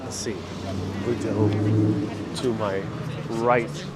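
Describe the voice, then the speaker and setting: A man walks through a city live-streaming from his handheld phone, a travel vlogger chatting loosely, thinking aloud and responding to viewer comments. His voice is lowish and level, and he speaks very slowly over the outdoor traffic and street noise.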